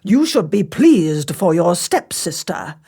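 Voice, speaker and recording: A woman doing a stern, lowered baron. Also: very animated, slow pace, dark tone, slightly rough, exaggerated voice. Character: gruff, sensible baron, middle-aged man.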